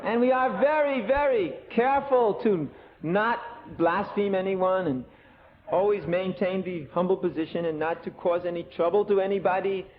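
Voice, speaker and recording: A man giving a scripture lecture as a sermon, telling it with animated storytelling and sarcastic asides. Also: high voice, moderate pace. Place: temple lecture hall. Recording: tinny lo-fi 1980 tape with faint hiss.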